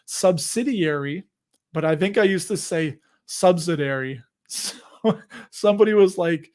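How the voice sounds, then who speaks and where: A man's voice: high-pitched, normal speed, darkish tone. Chatty man hosting a live stream. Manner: chatty, rambling, laughs at himself. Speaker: host of a live investing show. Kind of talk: casual live-stream chat.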